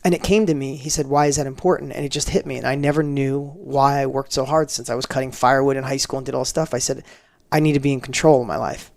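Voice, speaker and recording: A man's voice: medium pitch, fast, gravelly, no echo. A middle-aged man, a guest in an interview, telling a personal story emphatically and acting out the dialogue. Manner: emphatic, animated, acts out quoted dialogue.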